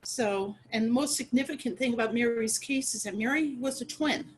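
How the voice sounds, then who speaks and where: A middle-aged woman speaks as an interview guest. She talks earnestly and haltingly, often restarting with fillers. Her voice sits a little on the high side. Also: slight background noise, rough recording. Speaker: guest, sister of a murder victim.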